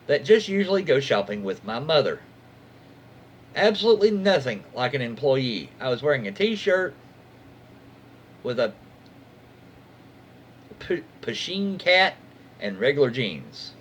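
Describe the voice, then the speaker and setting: A man with a voice on the high side reads Reddit stories aloud casually, very animated yet unhurried, with long pauses and slight background noise. He stops for chatty asides and reactions.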